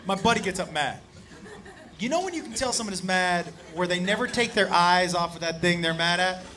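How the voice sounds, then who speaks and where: A man doing stand-up comedy, telling a story in an excitable, profane, animated way. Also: high-pitched, a little fast. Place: comedy club stage. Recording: live club, loud crowd and noise. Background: audience laughter and noise.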